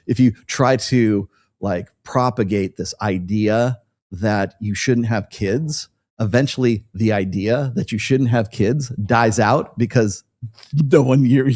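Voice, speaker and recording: A man's voice: medium pitch, darkish tone, dry recording. A man hosting a casual commentary show, rambling with many restarts and laughing as he reacts to a video clip.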